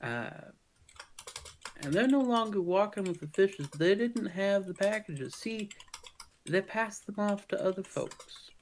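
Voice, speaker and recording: A scarred crime boss with a gentle Southern drawl, put on by a man running a tabletop game. His threats come slow and soft, in a slightly raised voice. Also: sits high, expressive, slight background noise, voice pushed up, low-quality recording. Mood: menacing. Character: disfigured crime-boss man, calm, menacing.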